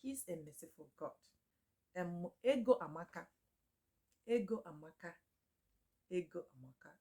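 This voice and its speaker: A woman runs a relaxed language lesson in a fairly low voice. She says each word again and again at an unhurried pace and laughs often as she talks. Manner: chatty, repeats each name slowly, laughs often. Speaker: Igbo language teacher. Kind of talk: casual spoken lesson.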